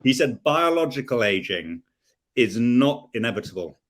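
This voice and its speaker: A man's voice: mid-range voice, sing-song, normal speed, fairly bright tone. A man hosting a casual chat who rambles through long, searching questions to his guest. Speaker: podcast host.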